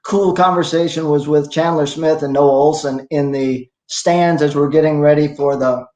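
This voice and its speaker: An older man in his sixties, a bit high-pitched, recounts his athletic experiences in a loose, self-deprecating way, often restarting his sentences. His voice carries a noticeable room echo. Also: steady tone, moderate pace, darkish tone. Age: 60s. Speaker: masters CrossFit athlete guest. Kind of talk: casual interview storytelling.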